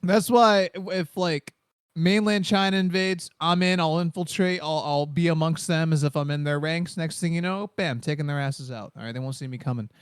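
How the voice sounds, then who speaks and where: Young man, high voice, crude laughing banter, dry close computer mic. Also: normal speed, clear, resonant tone, no echo. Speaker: podcast co-host. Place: online voice chat.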